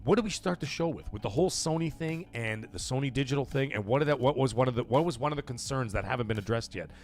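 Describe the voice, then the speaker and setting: A man hosting a casual gaming news live stream, talking straight to his viewers, animated and loose with swearing. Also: mid-range voice, quick pace, faint music behind. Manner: animated, swearing, talks to chat and folks.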